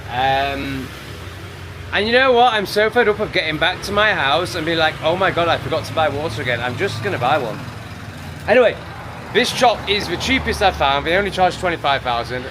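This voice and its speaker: A man with an English accent vlogging casually to a handheld camera, swearing and ranting, swinging between loud bursts and low mutters. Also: sing-song, brisk, background noise. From England. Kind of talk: casual vlog monologue. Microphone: handheld camera on a gimbal.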